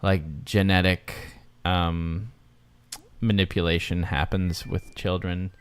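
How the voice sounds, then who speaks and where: A man's voice: sits low, little pitch movement, slow pace, clear, resonant tone. A man co-hosting a podcast, chatting casually and rambling, with many fillers and restarts. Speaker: podcast co-host. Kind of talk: casual chat.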